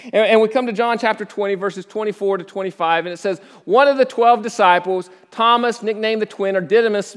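A man preaching a sermon, reading scripture dramatically with sudden rises and hushed drops. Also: high voice. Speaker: pastor. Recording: echoey hall.

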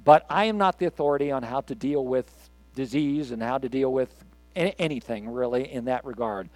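An older male pastor delivering a recorded sermon in a conversational way, moving between loud emphatic lines and quiet asides. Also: medium pitch, fairly quick, no room sound, faint music behind.

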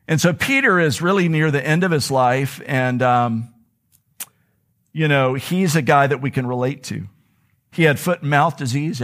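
A male pastor preaching a sermon to his congregation in a church, conversational, slowing down to stress key words. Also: medium pitch. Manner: conversational preaching, slows for emphasis. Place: church sanctuary.

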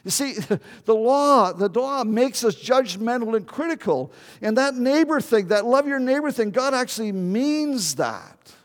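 Older male pastor, high voice, earnest storytelling sermon, long hall reverb. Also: very animated, a little slow, few pauses. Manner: storytelling, earnest, pleading with the congregation.

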